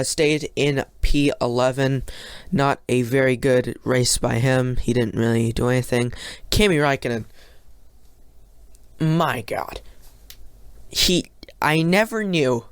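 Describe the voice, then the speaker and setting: A solo podcast host reviews a race in a loose, excitable ramble that keeps tipping into rants. The voice is smooth and clean, and it sits at an ordinary middle pitch. The sound is close and dry, with no room around it. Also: dry recording. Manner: frequent fillers and restarts.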